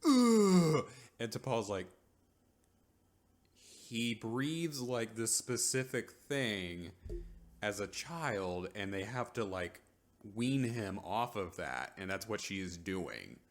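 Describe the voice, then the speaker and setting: A man's voice: on the low side, lively intonation, fairly bright tone. A man giving a casual, rambling rant recapping a TV episode, full of filler words and mocking quoted asides. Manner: mocks characters in quick quoted asides. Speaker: vlogger reviewing a TV episode.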